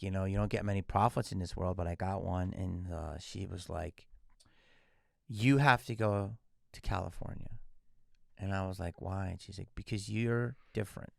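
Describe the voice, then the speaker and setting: A man in his fifties from the Philadelphia area, a guest actor telling lively stories on a podcast and acting out the people he quotes. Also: on the low side, vocal fry, dry recording, clean studio sound. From Philadelphia area, USA. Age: 50s. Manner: animated, acts out quoted dialogue. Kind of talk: casual podcast storytelling.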